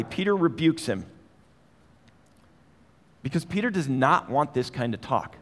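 A man's voice: on the high side, big pitch swings, unhurried, pauses often, fairly bright tone, in a large hall. A man preaching a sermon in a conversational way, asking his listeners direct questions. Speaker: pastor.

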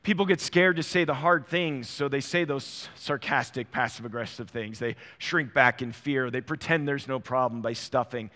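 A man's voice: medium pitch, normal speed, few pauses, pushed and bright. Conversational male pastor in a reverberant hall. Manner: conversational, acts out little dialogues. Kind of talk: sermon. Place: church sanctuary.

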